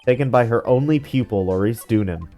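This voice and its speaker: A man's voice: mid-range voice, a little fast, mellow, soft background music, natural voice. A man playing a wry, sarcastic young lawyer. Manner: dry and sarcastic. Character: wry, easily exasperated young male lawyer. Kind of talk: fan dub of a game.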